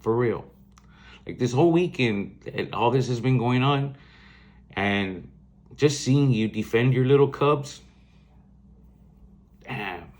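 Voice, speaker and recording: A man's voice: mid-range voice, expressive, slow, pauses often. A man in his forties hosting a podcast, telling family stories in a rambling, blunt way, swearing freely and laughing mid-story. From South Texas. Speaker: podcast host. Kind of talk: casual storytelling monologue.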